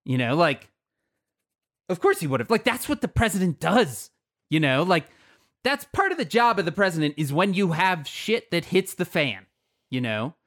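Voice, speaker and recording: A man's voice: sits high, very animated, moderate pace, a bit bright. A man co-hosting a podcast, talking politics in a blunt, indignant and profane way. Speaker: podcast co-host. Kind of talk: casual political chat.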